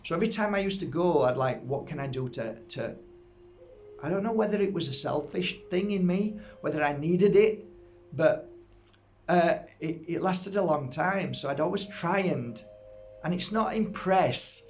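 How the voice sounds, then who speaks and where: A man's voice: high-pitched, normal speed, slight background noise. Earnest middle-aged man from Yorkshire. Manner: earnest, heartfelt, musing. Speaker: energy healer and spiritual teacher. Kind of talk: reflective personal talk to viewers.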